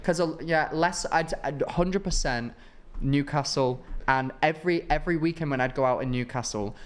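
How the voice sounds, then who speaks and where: A young man from northern England co-hosting a podcast, chatting in an animated, jokey way. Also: on the high side, normal speed, clean tone. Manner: animated, jokey, slips into exaggerated mock voices. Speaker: podcast co-host. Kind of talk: casual chat.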